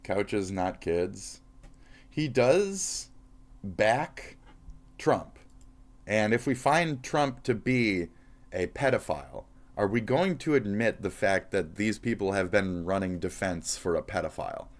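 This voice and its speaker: A man's voice: on the low side, expressive, takes it slowly. A man from the American South streaming crude, rambling, sarcastic reaction commentary on clips. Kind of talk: casual profane reaction commentary.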